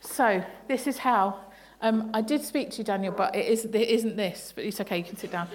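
A woman with a medium-pitched voice speaks briskly as a bible study leader at a church service. Her interactive family sermon is playful, with laughter as she asks the congregation questions.

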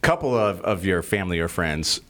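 A man's voice: deep voice, animated, a little fast, a bit bright. A man hosting a radio talk show in casual chat, rambling and correcting himself as he goes. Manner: rambling, self-correcting, jokey.

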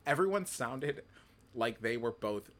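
A man's voice: mid-range voice, lively intonation, unhurried, a bit bright. A man co-hosting a podcast, telling long stories in casual chat with many fillers and restarts. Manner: rambling, filler-heavy storytelling. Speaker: podcast co-host.

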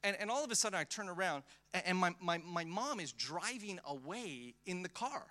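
A man in his thirties preaching to a church congregation, his voice very bright and a little high for a man. He talks animatedly and conversationally, with frequent restarts, and acts out quotes as he tells stories from the pulpit. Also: expressive, moderate pace. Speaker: pastor. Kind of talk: sermon with personal storytelling.

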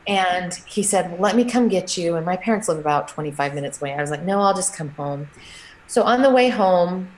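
A middle-aged woman, a guest in an interview, telling a personal story in a halting, emotional way with many restarts. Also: fairly low pitch, animated, slight background noise, low-quality recording.

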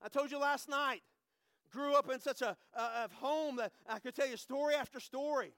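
A middle-aged man, preaching a personal testimony, swinging from hushed to loud and repeating phrases. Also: very high-pitched, normal speed, no room sound. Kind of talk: sermon testimony.

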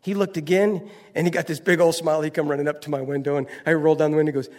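A man with a somewhat high voice tells a personal story to listeners. He talks in a folksy, animated way and acts out the other people's voices as he goes. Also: rapid-fire. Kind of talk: personal anecdote told to an audience.

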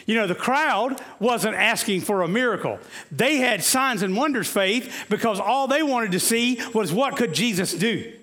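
High-voiced preacher asking questions. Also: male voice, expressive, unhurried, sharp tone. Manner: conversational, asks the congregation questions, many "uh"s and restarts. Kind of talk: sermon.

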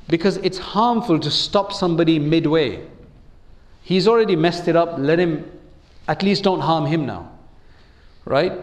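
A man giving an Islamic talk in a conversational way, asking listeners questions and acting out quotes. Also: high voice. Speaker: preacher.

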